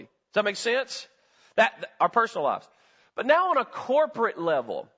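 A man's voice: high-pitched, fairly bright tone, long reverb tail, muffled recording. A male pastor giving a sermon in a conversational, folksy way, often putting questions to the congregation. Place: church sanctuary.

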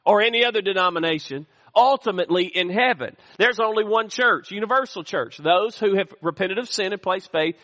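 High-voiced preacher in an echoey hall. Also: male voice, brisk, few pauses, a bit bright. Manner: call-and-response preaching, asks the congregation for amens. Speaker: pastor. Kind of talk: sermon. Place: church sanctuary.

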